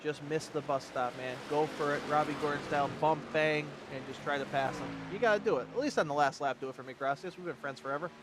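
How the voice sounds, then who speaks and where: Man, color commentator, rapid joking banter, noisy background. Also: on the high side, fairly even intonation. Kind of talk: casual race commentary.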